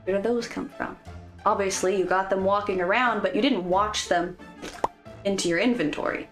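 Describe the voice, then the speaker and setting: A woman's voice: mid-range voice, steady tone, moderate pace, faint music behind. A woman vlogger giving casual, playful commentary with jokes and asides. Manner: playful, jokey, conversational.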